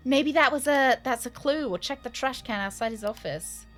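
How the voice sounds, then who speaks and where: A woman's voice: high-pitched, expressive, normal speed, a bit bright, soft background music. Woman streamer thinking aloud. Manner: thinks aloud, repeats herself, swears casually. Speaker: game streamer. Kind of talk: casual live-stream commentary.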